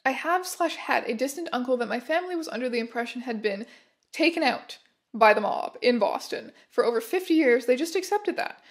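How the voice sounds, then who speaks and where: A woman's voice: high-pitched, animated, brisk. A woman hosting, reading viewer submissions aloud and adding dry, sarcastic asides. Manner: dry, sarcastic asides between read-out posts. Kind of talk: casual commentary reading submissions.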